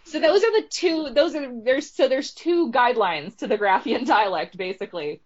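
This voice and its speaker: A chatty woman author laughs her way through a casual interview, often trailing off mid-thought. Her voice sits a little high and comes through a dull, lo-fi recording. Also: animated, normal speed. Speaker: author guest.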